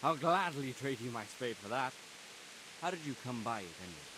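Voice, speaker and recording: A man voicing a surly, gruff male gravedigger who talks in a blunt, hostile and threatening way. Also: mid-range voice, sing-song, fairly quick, background noise, lightly acted.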